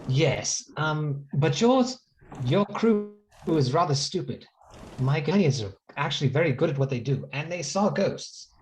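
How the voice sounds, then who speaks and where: A man's voice: fairly high pitch, lively intonation, measured pace. A man speaking as a sly male cleric adventurer, wry and evasive, in a tabletop game. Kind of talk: tabletop role-play in character.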